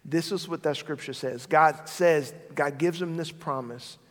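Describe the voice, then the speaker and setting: High-voiced male preacher in a reverberant hall. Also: a little slow. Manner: dynamic preaching, swinging from loud to hushed. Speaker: pastor. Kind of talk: sermon.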